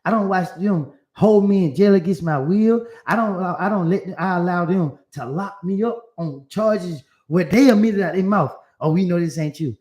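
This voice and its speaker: A man talks to an audience in loose vernacular, often doubling up his words as he tells his story. His voice sits a little high for a man. The room has an open echo. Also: normal speed, hardly any pauses. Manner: animated, repeats words, vernacular speech. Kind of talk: casual spoken storytelling. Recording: roomy echo.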